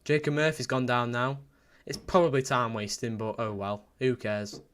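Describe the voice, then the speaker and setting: A man's voice: mid-range voice, normal speed, smooth. A young man commentating live on a football match for his stream, reading out chat messages and repeating himself as he talks. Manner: excitable, repetitive, bursts into shouts at big moments. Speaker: fan livestream commentator.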